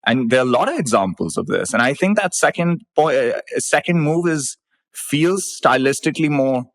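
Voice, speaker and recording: A man speaking casually but bluntly on a podcast, laying out firm opinions. His voice sits at an everyday middle pitch. His delivery is unscripted and direct. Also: animated, normal speed, no room sound. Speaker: podcast co-host.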